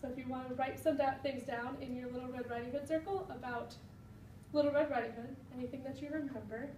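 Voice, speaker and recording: Young woman teacher, high and echoey. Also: fairly even intonation, quick pace. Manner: patient instructions with fillers. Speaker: student teacher. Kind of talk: reading aloud to a class. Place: classroom. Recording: roomy, distant, faint room noise.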